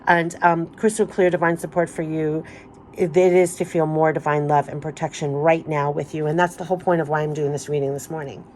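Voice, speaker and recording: A woman's voice: low-pitched, flat delivery, brisk, darkish tone, slight background noise. A woman doing an emotional spiritual card reading, talking in a gushing, emphatic way and repeating phrases, her voice giving out. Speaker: tarot card reader.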